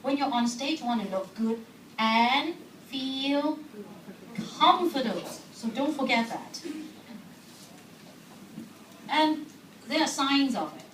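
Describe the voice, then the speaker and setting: A woman's voice: high voice, lively intonation, slow pace, pauses often, fairly bright tone. A woman talking to a live audience, asking them questions and laughing often. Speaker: speaker. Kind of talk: lively talk to an audience. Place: hall. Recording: echoey hall recorded from far off, background noise.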